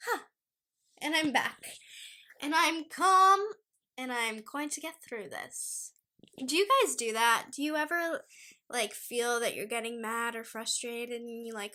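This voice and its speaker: A woman's voice: fairly high pitch, slow pace, bright, forceful tone. A young woman hosting a casual solo podcast, ranting in an exasperated, emphatic way. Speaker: podcast host.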